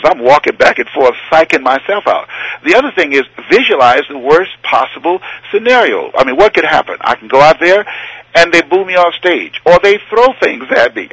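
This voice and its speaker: A man's voice: a little high, big pitch swings, fairly quick, creaky, fairly bright tone, breathy edge, no echo, rough recording. A male motivational speaker telling a story in conversation, acting out scenes and voices and laughing often.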